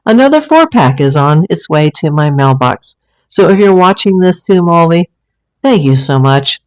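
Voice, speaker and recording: A woman with a somewhat low voice hosts a casual livestream from her room at home. She rambles along in a chatty way, full of fillers and restarts, speaking straight to her viewers. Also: rough recording. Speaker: livestream host. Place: home room with a green screen and ring light.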